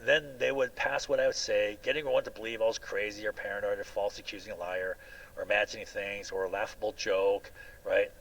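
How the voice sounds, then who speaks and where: A man's voice: fairly low pitch, fairly even intonation, brisk, gravelly, fairly bright tone, slight background noise, low-quality recording. A man giving a rambling personal monologue in an aggrieved tone, restarting often and asking "right?" after many sentences. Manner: repetitive with frequent restarts. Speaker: video blogger.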